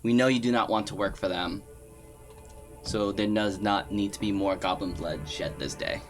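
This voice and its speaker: Low-voiced man playing a tabletop game. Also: faint music behind. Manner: deliberate, diplomatic. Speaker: player. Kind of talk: in-character tabletop play.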